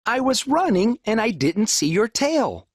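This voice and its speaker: A man voicing a tiny, frightened, polite male mouse with a squeaky voice in a recorded storybook reading. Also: very animated, a little slow, no room sound, studio quality, exaggerated voice. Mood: pleading.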